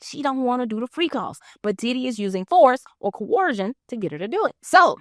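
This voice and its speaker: A woman's voice: on the high side, a little fast, no echo, clean studio sound. A woman recapping court testimony in a casual, slangy vlog style, telling the story with animation. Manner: animated storyteller, acts out quotes; slangy conversational delivery. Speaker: trial recap vlogger.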